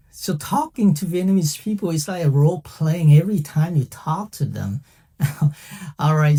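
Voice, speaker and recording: Very dark-voiced man teaching casually. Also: a little high. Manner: chatty, checks in with listeners with frequent "okay?"; playful, laughs at own jokes. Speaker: language teacher. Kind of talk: casual video lesson.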